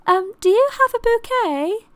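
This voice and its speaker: Woman doing a tiny high-pitched giddy bride. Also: animated, a little slow, dry recording. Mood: sweet.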